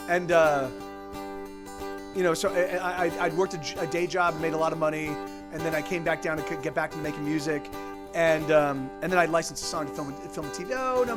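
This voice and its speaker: High-voiced man chatting to his stream. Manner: rambling, with many restarts and casual swearing. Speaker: musician streaming live. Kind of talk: casual live-stream chat with viewers.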